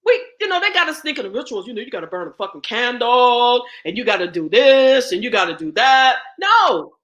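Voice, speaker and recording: High, lively, blunt-talking woman. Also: a little fast. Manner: blunt and profane, preachy, rhetorical questions. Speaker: guest speaker and ritual class teacher. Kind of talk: impassioned spoken address.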